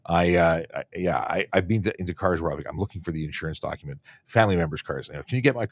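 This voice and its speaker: Deep dry-sounding guy co-hosting, stumbles and repeats words a lot. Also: no room sound. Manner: chatty, halting, repeats words. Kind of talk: casual livestream chat.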